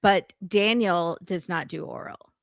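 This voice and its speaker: A woman chatting as a podcast guest, making slow, wry asides. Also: on the low side, creaky, no echo, clean studio sound. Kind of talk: casual chat.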